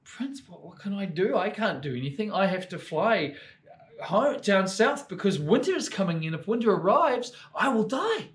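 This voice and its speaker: A man's voice: very animated, moderate pace. A man doing a small fretful swallow. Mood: pleading. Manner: high, fretful and pleading. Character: small eager male swallow bird. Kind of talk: children's storytelling.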